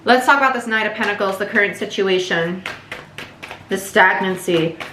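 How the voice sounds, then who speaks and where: A woman's voice: mid-range voice, moderate pace, echoey room, background noise. A woman giving a casual, chatty tarot reading, speaking candidly and swearing now and then. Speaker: tarot reader.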